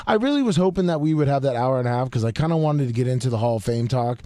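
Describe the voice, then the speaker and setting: A man co-hosting a casual sports talk show, halting, with lots of restarts, his voice worn from yelling. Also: mid-range voice, no room sound, clean studio sound. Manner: halting, with many restarts and fillers. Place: radio studio.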